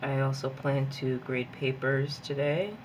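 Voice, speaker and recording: A young woman talks her way through her daily planning in a loose, rambling chat. She is chatty and easily excited, with faint noise under the voice. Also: very deep voice, measured pace. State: hyped up on coffee. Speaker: planner vlogger; graduate student and teacher. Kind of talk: casual chat while journaling.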